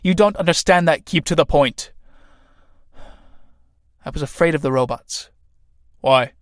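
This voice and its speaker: A man voicing an earnest young woman who pleads softly and slowly with her husband in a read-aloud play. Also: a little high, no room sound, clean studio sound, lightly acted.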